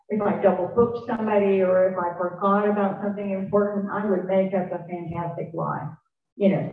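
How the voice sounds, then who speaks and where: A woman talks frankly to a group about twelve-step recovery, wandering and self-mocking with frequent restarts. She sits far from the mic in a very echoey room. The sound is thin and phone-like. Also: medium pitch. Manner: candid, self-deprecating, rambling with restarts. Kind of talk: informal talk to a group.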